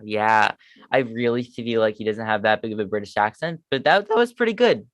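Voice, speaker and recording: A man's voice: on the low side, animated, a little fast, a bit bright, no room sound, studio quality. Self-deprecating man co-hosting a fan podcast. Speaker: podcast co-host. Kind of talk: casual chat.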